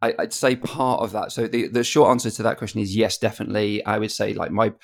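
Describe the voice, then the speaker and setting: A man in his forties speaks as a podcast guest, his low voice grainy with gravel. He talks candidly and reflectively, stopping and restarting his sentences as he feels his way through a personal story. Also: steady tone. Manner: halting, many restarts, open and reflective.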